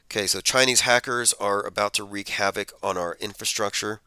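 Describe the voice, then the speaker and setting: Male commentary host, casual and skeptical, lowish voice, crisp and bright. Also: fairly even intonation, a little fast, no echo. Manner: skeptical, conversational, thinks aloud with fillers. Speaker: podcast host. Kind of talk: casual commentary reading tweets and headlines.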